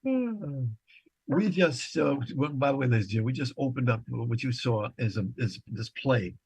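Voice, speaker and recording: An older man hosts a talk show, his voice a little husky and recorded close and dry. He announces in a booming, showman-like way and jokes with his guests. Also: animated, moderate pace, darkish tone, dry recording. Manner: booming, showman-like announcer delivery with playful asides. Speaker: host. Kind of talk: radio talk show hosting.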